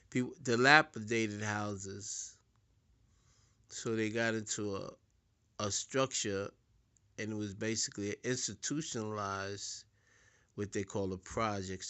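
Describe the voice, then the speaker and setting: Slow, low-voiced man lecturing. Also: smooth. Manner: deliberate, repeats words, swells louder for emphasis. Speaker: speaker giving a talk. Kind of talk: preaching-style lecture.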